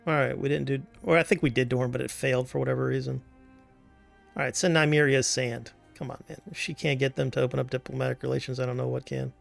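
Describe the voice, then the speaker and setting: A man's voice: medium pitch, little pitch movement, quick pace, gravelly, soft background music. A man streaming a game live, chatting casually, rambling and joking, swearing now and then at the game. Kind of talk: casual livestream chat.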